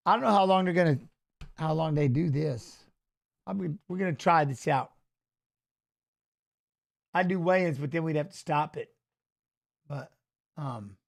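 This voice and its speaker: Male host, fairly high voice, loose rambling live-stream chat, excitable. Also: creaky. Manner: rambling storyteller, excitable, trails off. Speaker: watch-along host, former fighter. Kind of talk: casual live-stream commentary.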